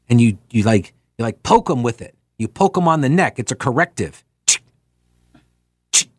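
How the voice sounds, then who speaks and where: A man's voice: mid-range voice, no room sound, studio quality. A man hosting a talk radio show, delivering an opinion monologue full of sarcastic, jokey asides.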